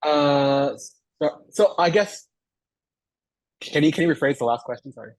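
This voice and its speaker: A man's voice: on the high side, lively intonation, normal speed, low-quality recording. A man giving a technical talk, answering audience questions on a video call, hesitant and thinking aloud with fillers. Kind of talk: online Q&A after a technical talk.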